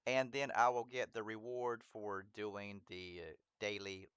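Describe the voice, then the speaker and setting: Streaming a mobile game, this man talks directly to his chat in a chatty, relaxed way, wandering off topic, fumbling viewers' names, and chuckling at his own slips. His voice sits on the low side, level and measured, fairly bright, clear and resonant. The recording is dry, with the highs cut off.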